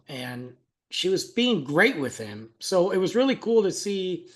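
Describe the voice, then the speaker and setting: A man co-hosting a relaxed podcast, telling an everyday story with lots of energy. His pitch jumps up when something amuses him, and he laughs often as he talks. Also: a little slow. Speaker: podcast co-host. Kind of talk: casual chat, telling a family story.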